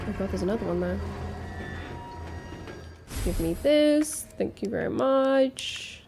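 A woman's voice: on the high side, lively intonation, slow pace, vocal fry, long pauses, over music. A young woman streaming her first playthrough of a game, chatting casually, swearing and spiraling into panicked repeated words. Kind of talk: casual gameplay commentary.

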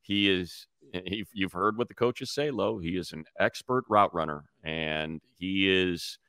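A man's voice: low-pitched, measured pace, sharp tone, smooth, no room sound. A man hosting a sports podcast, telling stories in a casual chat and mimicking the voices of others. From Detroit, raised near Chicago.

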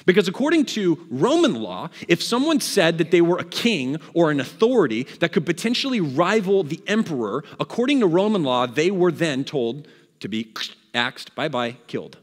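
Animated, husky-voiced male preacher. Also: a little high, normal speed. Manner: animated, dramatizes scripture with voices. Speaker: pastor. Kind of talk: sermon. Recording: reverberant church hall.

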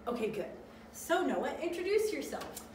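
A woman hosting a children's church program with an animated, sing-song delivery. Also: high voice, normal speed. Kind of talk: bright kids' show hosting. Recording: roomy and distant with background noise.

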